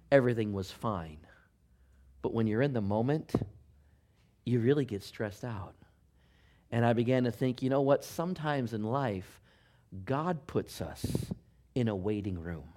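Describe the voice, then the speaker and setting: A middle-aged male pastor telling a self-mocking story in a conversational sermon, full of asides and rhetorical questions. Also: mid-range voice.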